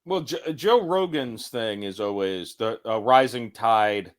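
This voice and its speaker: A man's voice: fairly low pitch, lively intonation, slow. Rambling man hosting a casual podcast. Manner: rambling, self-correcting. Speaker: podcast host. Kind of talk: casual chat.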